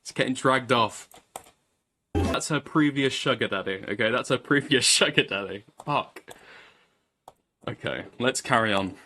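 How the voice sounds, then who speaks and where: Male reaction commentator, crude and mocking, unhurried delivery, laughs a lot. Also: medium pitch, sharp tone, slight background noise.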